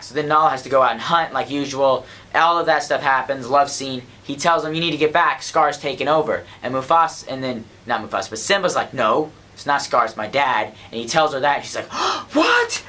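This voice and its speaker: A man excitedly pitching a film plot, restarting often and acting out the gasps. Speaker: student. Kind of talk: animated storytelling.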